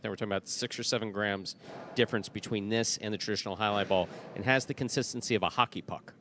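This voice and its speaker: A man's voice: fairly low pitch, a bit bright, a little hiss or hum. A middle-aged man announcing jai alai, chatty and explanatory, often correcting himself mid-sentence. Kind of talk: broadcast commentary and chat.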